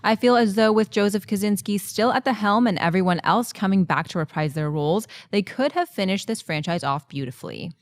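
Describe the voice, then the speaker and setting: A woman's voice: medium pitch, brisk, hardly any pauses, no room sound, studio quality. A woman co-hosting a movie talk show, chatting casually and reading viewer emails aloud. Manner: chatty, with lots of short agreeing replies.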